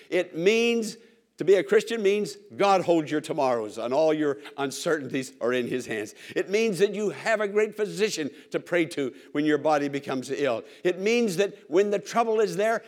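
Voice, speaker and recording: Male preacher, high voice, emphatic sermon delivery with call-and-response. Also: animated, normal speed.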